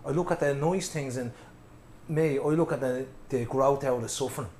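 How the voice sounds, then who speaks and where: A man's voice: mid-range voice, normal speed, darkish tone. A man speaking as a podcast guest, reflecting in a casual way with some swearing. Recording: echoey room with faint noise.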